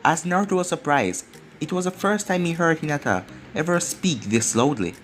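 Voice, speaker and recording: A man's voice: on the high side, animated, moderate pace, fairly bright tone, slight background noise. A man narrating a fan fiction story aloud in a plain, run-on storytelling way, over faint music.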